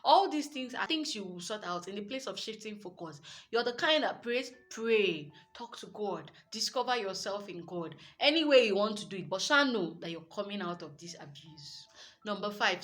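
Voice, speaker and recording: A woman's voice: medium pitch, normal speed. Earnest Nigerian woman giving advice. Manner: earnest, lively, slips into Pidgin asides. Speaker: relationship advice coach. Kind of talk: motivational advice talk.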